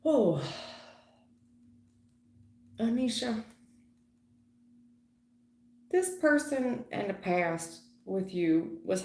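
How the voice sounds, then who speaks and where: Woman, middle-aged, live tarot reader, blunt, slangy, animated, echoey room. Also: medium pitch. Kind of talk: live-stream tarot reading.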